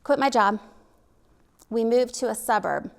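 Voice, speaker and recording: Unhurried and a little high, her voice is both gravelly and smooth. A middle-aged Oklahoman with a slight accent, she stands on a live-event stage telling her personal story, candid and quick to laugh at herself.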